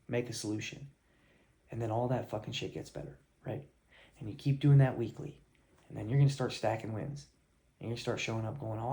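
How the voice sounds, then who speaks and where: A man's voice: mid-range voice, creaky, mellow. A man coaching his viewers in a blunt tough-love rant, swearing heavily and fired up. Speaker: life coach.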